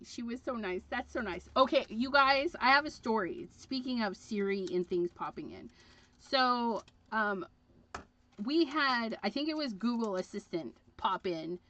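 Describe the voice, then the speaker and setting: Working on crafts during a livestream, a woman chats casually and rambles, filling her speech with lots of fillers. Her voice is on the high side and a little bright, captured in dull, lo-fi stream audio.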